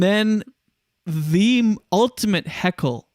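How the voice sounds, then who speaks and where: A man's voice: high voice, measured pace, no room sound, studio quality. A man hosting a casual talk show, recapping a viral clip, acting out the quotes and laughing often. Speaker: show host. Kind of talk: casual commentary on viral clips.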